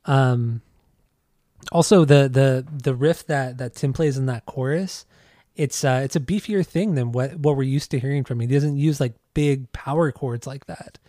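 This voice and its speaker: A man co-hosting a casual music podcast, laid-back and rambling, quick to laugh. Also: mid-range voice, dark tone, dry recording, studio quality. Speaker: podcast co-host.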